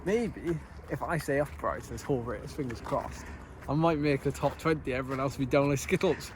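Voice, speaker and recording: A man's voice: mid-range voice, fairly quick, noisy background. A man talking to camera in a casual, jokey, self-deprecating way, outdoors at a muddy race course. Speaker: vlogger and amateur cyclocross racer. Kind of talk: casual vlog chat to camera.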